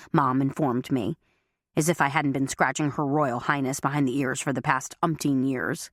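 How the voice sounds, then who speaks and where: A woman's voice: very deep voice, moderate pace, no room sound, clean studio sound. A woman reading a first-person audiobook, with a wry, self-mocking manner. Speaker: audiobook narrator.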